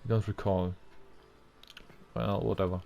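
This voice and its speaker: A man's voice: fairly low pitch, level tone, measured pace, vocal fry, mellow. A young man giving casual commentary over a video game, rambling and thinking aloud, often trailing off and restarting. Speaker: let's-play commentator.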